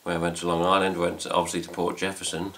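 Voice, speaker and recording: Deep-voiced, chatty middle-aged Englishman. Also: completely flat delivery, quick pace, a bit bright. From England. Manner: rambling, chatty, swears casually. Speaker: fan site host. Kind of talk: casual chat to camera. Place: home room with cats.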